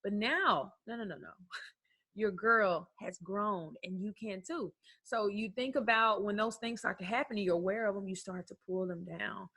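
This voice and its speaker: A woman's voice: medium pitch, moderate pace, bright, forceful tone, husky. A woman life coach talking to the camera in a conversational way, asking rhetorical questions and acting out bits of self-talk.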